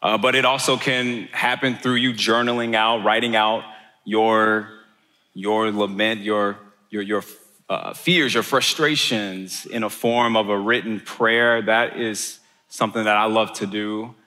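A man's voice: on the low side, fairly even intonation, unhurried, pushed and bright. A young adult male pastor preaching a sermon in a church, earnest, often repeating words as he builds to emphatic peaks. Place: church auditorium. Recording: long hall reverb.

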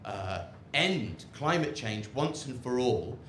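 A man's voice: medium pitch, very animated, takes it slowly, slight background noise. A man doing live stand-up comedy in a sardonic, rambling way, often cutting himself off. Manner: rambling, self-interrupting, sardonic. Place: rooftop comedy club. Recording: echoey live venue with loud crowd.

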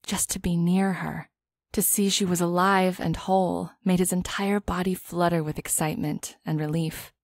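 A woman narrating a romance audiobook in a calm, even storytelling manner. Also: fairly low pitch, moderate pace, no room sound, studio quality. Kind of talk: scripted narration.

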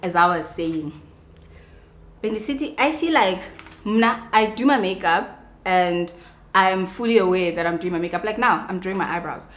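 A woman's voice: lowish voice, moderate pace. Xhosa-accented woman ranting in an echoey room. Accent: South African, Xhosa. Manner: animated, switching between English and Xhosa, asks "you understand?". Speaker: beauty vlogger. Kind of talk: casual ranting while doing makeup.

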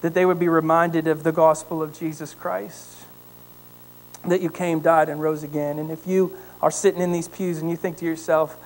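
A man preaching a sermon as pastor, telling a story with lively emphasis and then praying quietly. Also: a little high, moderate pace, low-quality recording. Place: church sanctuary.

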